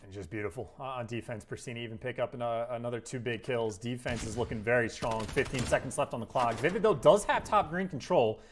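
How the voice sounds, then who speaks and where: A man giving fast analytical color commentary on an esports match. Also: mid-range voice, noisy background. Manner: rapid, analytical breakdown of plays.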